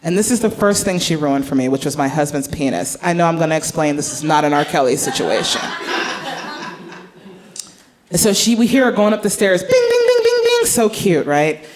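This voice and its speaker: Woman stand-up, club stage, handheld mic. Animated storyteller, big pitch swings, laughs along with the room. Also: brisk. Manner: animated, acts out voices, laughs at own jokes. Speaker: stand-up comedian. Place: comedy club stage before a live audience.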